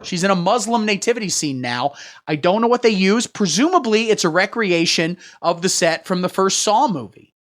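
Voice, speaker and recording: A man hosting a satirical livestream, riffing crudely in a rambling, deadpan way while he reads the chat. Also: high-pitched, moderate pace. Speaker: livestream host. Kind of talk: satirical livestream comedy rant.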